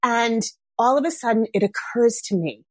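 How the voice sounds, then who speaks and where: A woman's voice: on the high side, normal speed, no room sound. Candid woman telling a personal story. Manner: candid, reflective, animated when quoting herself.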